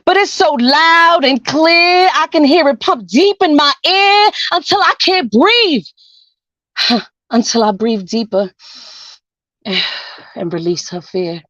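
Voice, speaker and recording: A woman's voice: high-pitched, animated, takes it slowly, long pauses, a bit bright, no room sound, lo-fi sound. A woman performing a spoken word poem over a video call, laughing between lines and swearing freely, then chatting casually. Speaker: open mic poet.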